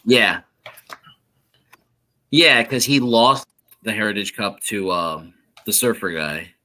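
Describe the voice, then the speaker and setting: A man's voice: lowish voice, lively intonation, slow pace, pushed and bright, slight background noise. A man co-hosting a wrestling podcast, chatting casually and enthusiastically. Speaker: podcast co-host. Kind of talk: casual chat.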